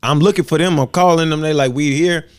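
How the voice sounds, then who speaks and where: A man hosting a podcast, telling a story in a lively, profane, casual way. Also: a little high, fast, clean tone. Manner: animated storyteller, swears freely. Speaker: podcast host.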